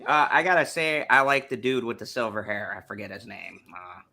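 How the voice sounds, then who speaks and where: Laughing man hosting, bright voice. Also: medium pitch, fairly even intonation, brisk. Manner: laughing, playful. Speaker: host. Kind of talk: casual chat.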